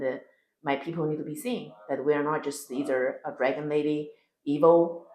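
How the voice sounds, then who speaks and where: A woman's voice: low-pitched, darkish tone, echoey room, poor audio. A woman comedian whose first language is Chinese, speaking with a Chinese accent and answering interview questions bluntly and emphatically. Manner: blunt and emphatic, swears freely.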